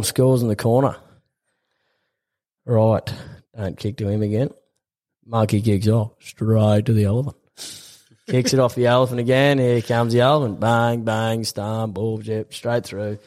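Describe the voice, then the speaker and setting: A man's voice: mid-range voice, steady tone, a little slow, dark tone. A man in his twenties with an Australian accent, a podcast guest chatting casually and telling a long joke while laughing. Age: 20s. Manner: laid-back, laughs while telling jokes.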